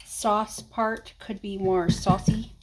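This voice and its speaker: A woman's voice: medium pitch, steady tone, takes it slowly, heavy background noise. A young woman rambling casually to the camera while she cooks, a little out of breath. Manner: rambling, chatty, self-talking while cooking. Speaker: vlogger. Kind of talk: casual cooking vlog chat.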